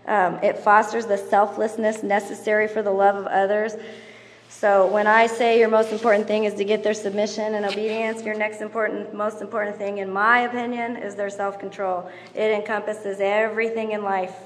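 A middle-aged woman teaching a parenting class in a chatty way, telling stories about her kids, laughing and mimicking them. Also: medium pitch. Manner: moves around constantly while talking. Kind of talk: casual teaching talk to mothers. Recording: roomy hall reverb, faint background noise.

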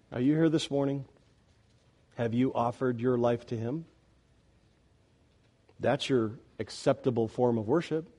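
A male pastor preaching a sermon, swinging between loud, emphatic declarations and quiet, pleading passages. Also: on the high side.

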